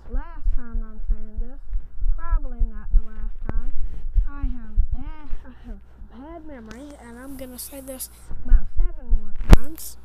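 A woman's voice: fairly high pitch, a little slow. A woman vlogging into her phone camera in a goofy, self-mocking, rambling way. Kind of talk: casual rambling vlog. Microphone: phone camera held close. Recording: loud humming background noise.

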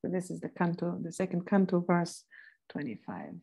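A woman instructor giving a philosophy seminar lecture, thoughtful and pausing now and then to look up verse numbers. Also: on the low side, sing-song, creaky, mellow, breathy edge. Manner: reads quoted passages slowly and deliberately.

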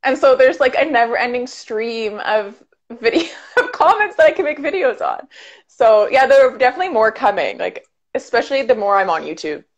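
A woman's voice: on the high side, lively intonation. A woman from Ottawa, a YouTuber guest, chatting casually with lots of "like" and fillers over a video call. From Canada, Ottawa. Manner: chatty, fast, filler-heavy with frequent "like". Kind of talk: casual chat. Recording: dull lo-fi sound.

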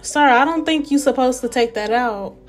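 A young woman giving casual, animated let's-play commentary and talking straight to her viewers. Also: high voice, moderate pace, soft background music. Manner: chatty, animated, talks to viewers as y'all. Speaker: gameplay narrator.

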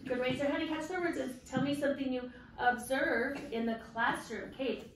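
A woman kindergarten teacher giving a vocabulary lesson, asking slow, patient questions and prompting children to repeat words. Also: high voice, steady tone. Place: classroom. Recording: very echoey classroom from a distance, faint noise.

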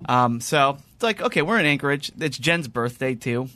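Speaking mid-range at a normal speed on a dry recording, a man hosting a casual podcast chat rambles through a lengthy story. He's animated, keeps restarting, and acts out lots of quoted lines.

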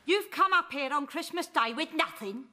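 A woman's voice: high-pitched, expressive, normal speed, noisy background. A woman playing a two-faced old grandmother with a London Cockney accent, sweet to people's faces and swearing behind their backs. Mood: guilt-tripping. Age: older. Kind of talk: sitcom sketch acting.

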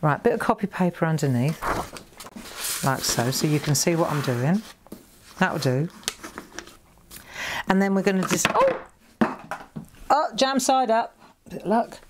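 A woman's voice: sits low, expressive, moderate pace, pauses often, noisy background. A woman hosting a live craft demonstration, chatty and jokey, talking straight to viewers as she works. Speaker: craft shop host demonstrating stamping.

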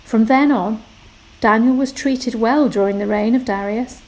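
Woman, fairly high voice, expressive church scripture reading. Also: measured pace, poor audio. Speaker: scripture reader. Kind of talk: Bible reading.

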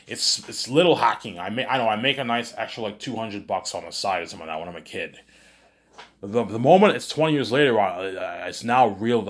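A man with a very low voice rambles through a story he is making up as he goes. He trips over his own words and repeats himself, tacks on "you know" over and over, and swears casually. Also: husky. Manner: repeats words and keeps saying "you know what I'm saying"; excitable, swears freely. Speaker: vlogger pitching a movie idea.

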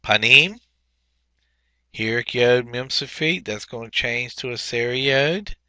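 A man teaching a Biblical Hebrew workbook lesson, explaining methodically step by step and pausing often with fillers. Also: medium pitch, pushed and bright, no echo. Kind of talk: recorded workbook walkthrough lesson.

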